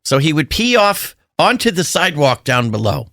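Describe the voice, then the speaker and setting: A middle-aged man co-hosting a casual podcast chat, chiming in with wry, quick questions. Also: on the high side, very animated, creaky, a bit bright, no echo, studio quality. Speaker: podcast co-host.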